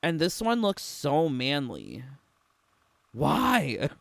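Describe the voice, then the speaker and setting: A man's voice: a little high, huge pitch swings, drawn-out words, vocal fry, a bit bright, no room sound. A young man giving casual, sarcastic reaction commentary on a game trailer, laughing often and filling his talk with "like". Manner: sarcastic, giggly, filler-heavy.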